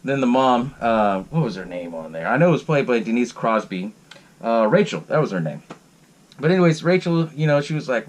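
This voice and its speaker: A man's voice: a little high, expressive, brisk. A man hosting his own podcast, giving a casual, rambling recap of a horror film, swearing freely and laughing between sentences. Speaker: podcast host. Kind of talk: casual solo movie recap.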